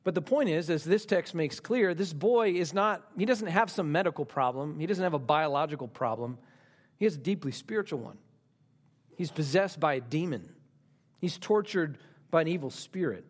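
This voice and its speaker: Emphatic man preaching a sermon. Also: lively intonation. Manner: emphatic, repeats phrases for stress; speaks slowly on key lines and rises in pitch for emphasis. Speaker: pastor.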